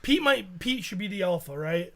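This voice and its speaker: High-voiced man telling a profane story. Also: moderate pace. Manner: animated, profane storytelling, often laughing. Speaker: podcast co-host. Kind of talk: casual chat.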